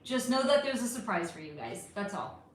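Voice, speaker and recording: A middle-aged woman with a slightly high voice chats her way through viewer comments on a livestream. She is affectionate and loose-tongued, tossing out pet names and casual curses. Her voice rings in a noticeably echoey room. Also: big pitch swings, brisk, a little hiss or hum. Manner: chatty, affectionate, calls viewers honey, swears freely. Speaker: livestream host.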